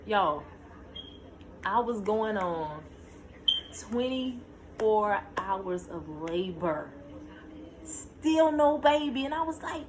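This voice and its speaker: A woman's voice: extremely slow, pauses often, noisy background. Young woman telling a storytime. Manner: animated, pitch jumps high when reliving tense moments; talks to viewers directly, shushing her child between lines. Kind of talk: casual storytime to camera.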